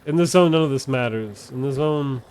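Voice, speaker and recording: A man's voice: mid-range voice, brisk, a little mellow, clean tone. Male game streamer, casual and profane; rambles, trails off and backtracks mid-sentence. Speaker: live streamer. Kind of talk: casual chat while gaming on stream.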